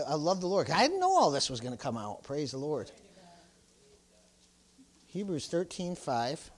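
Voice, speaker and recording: This preacher's voice runs on the high side as he delivers a church sermon. "Praise the Lord" and "amen" come up again and again, while he shifts from loud outbursts to quiet asides.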